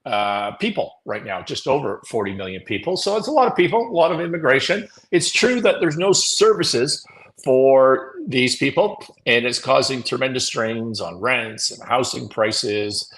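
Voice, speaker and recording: Blunt, animated host. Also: male voice, medium pitch, moderate pace, low-quality recording. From Canada. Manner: animated, blunt, swears, laughs at himself. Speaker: live morning show host. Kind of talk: opinionated live commentary.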